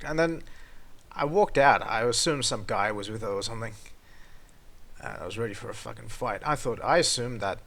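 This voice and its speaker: A man telling a story as a vlogger, swearing a lot and swinging between loud outbursts and low mutters. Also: a little fast. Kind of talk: casual storytelling rant.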